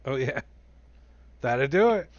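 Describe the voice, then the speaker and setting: A man's voice: medium pitch, animated, takes it slowly, no room sound, lo-fi sound. A man running a tabletop role-playing game as dungeon master, musing aloud and laughing often.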